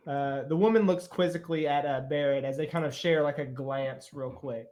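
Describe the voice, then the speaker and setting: A man's voice: on the high side, fairly even intonation, moderate pace, few pauses, a little mellow. A man narrating a tabletop game as game master, rambling with many fillers.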